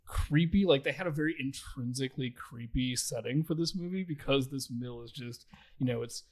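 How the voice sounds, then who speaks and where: A man's voice: mid-range voice, moderate pace. A man on a movie podcast panel, joking dryly in a casual way. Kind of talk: casual movie review chat.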